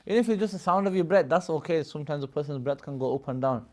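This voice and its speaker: Here a religious studies teacher delivers a live lesson at a very fast clip, his voice a little high and a little mellow. He explains things at length, often breaks into laughter, and checks in with the class using "Yes?" and "Yeah?"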